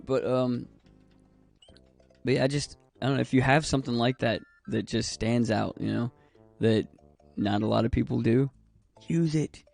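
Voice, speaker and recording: Gravelly-voiced man rambling on a game stream. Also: medium pitch, normal speed, darkish tone, faint music behind. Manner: rambling, swears freely. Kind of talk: casual gaming stream chat.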